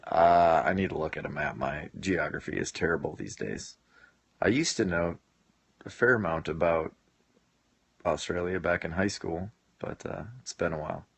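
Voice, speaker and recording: Joking man in his late twenties, low voice. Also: moderate pace, vocal fry, husky, dry recording. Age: late 20s. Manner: joking, laughs often, scattered with fillers. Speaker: live-stream host answering viewer comments. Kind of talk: casual live-stream chat. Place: home basement.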